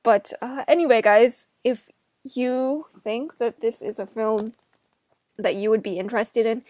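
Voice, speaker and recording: A woman's voice: fairly high pitch, unhurried, darkish tone, no echo. A woman in her twenties from New Jersey, giving a casual, rambling film review with chatty asides.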